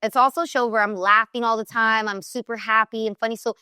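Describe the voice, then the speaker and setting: A woman in her thirties, a TV personality and recording artist, chatting in an interview and telling animated stories full of fillers. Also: a little high, fast talker, clear, resonant tone, no room sound, clean studio sound. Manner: chatty, animated storytelling with many "like" fillers and laughs. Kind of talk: casual interview chat.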